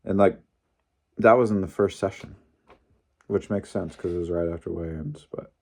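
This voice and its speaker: An animated, opinionated man recapping wrestling. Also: low voice, normal speed, creaky. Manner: animated, opinionated, mildly profane. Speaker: wrestling fan commentator. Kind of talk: casual recap vlog.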